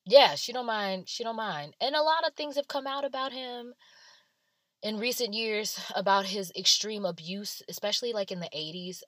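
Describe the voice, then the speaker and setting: A woman's voice: sits low, fairly bright tone, dry recording. A woman giving casual, blunt and sarcastic celebrity gossip commentary.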